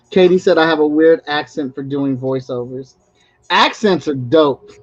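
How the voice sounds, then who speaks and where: A man speaking as a guest in a casual online chat, relaxed and rambling, laughing easily. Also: on the high side, slow pace. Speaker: guest, comic creator. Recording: dull, dry lo-fi sound.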